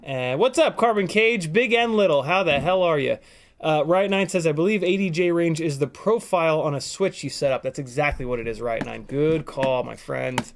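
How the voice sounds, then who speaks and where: A man's voice: fairly high pitch, moderate pace, creaky. A man hosting a casual live stream from a home workspace, chatting easily, joking, and reading out viewer comments while he works. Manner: easygoing, jokey, reads out viewer comments.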